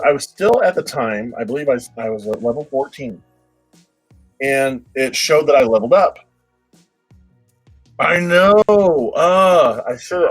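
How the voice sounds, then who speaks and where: A man's voice: on the high side, breathy edge, poor audio. A man chatting casually with his livestream viewers, rambling, repeating words and laughing often.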